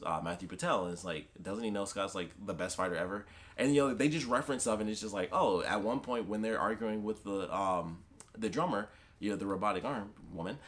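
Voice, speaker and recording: Fast-talking young man rambling about comics. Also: lowish voice. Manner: rambling, excitable, lots of fillers and restarts. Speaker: comic book vlogger. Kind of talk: casual chat.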